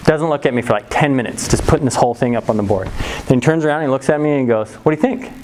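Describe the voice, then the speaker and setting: A middle-aged man talks rapid-fire as he tells an audience a personal story, laughing often and acting out quoted voices with big jumps in pitch. The low-quality recording carries slight background noise.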